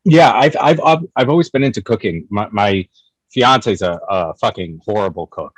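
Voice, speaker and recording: Man, young, low-pitched voice, animated storyteller, swears freely, dry close recording. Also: normal speed, no room sound, poor audio. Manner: animated, profane, acts out both sides of arguments. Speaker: guest, cigar company figure. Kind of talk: casual storytelling.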